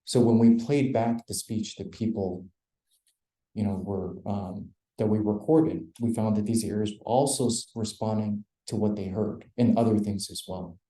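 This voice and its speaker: Low, mellow-voiced man giving a lecture. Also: fairly even intonation, reverberant, rough recording. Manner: measured, explanatory, frequent fillers. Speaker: neurosurgeon lecturer. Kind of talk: academic lecture. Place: lecture hall.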